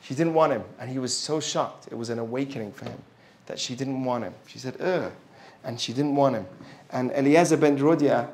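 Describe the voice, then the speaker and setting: A man's voice: medium pitch, fairly quick, darkish tone, a little hiss or hum. A man teaching a Torah lesson, telling a Talmud story with rhetorical questions to his listeners and explaining Hebrew terms as he goes. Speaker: religious teacher.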